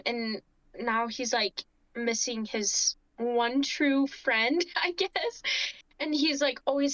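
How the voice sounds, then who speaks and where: High-voiced giggly woman player. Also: a bit bright, no echo. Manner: giggly, rambling, hesitant. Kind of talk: describing a tabletop game character. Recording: dull lo-fi sound.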